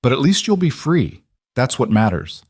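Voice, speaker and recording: A man voicing a calm, self-sacrificing young woman in a spoken story. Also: mid-range voice, normal speed, husky, no echo, clean studio sound, voice pushed up. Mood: resolute. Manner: calm, steady. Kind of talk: audiobook storytelling.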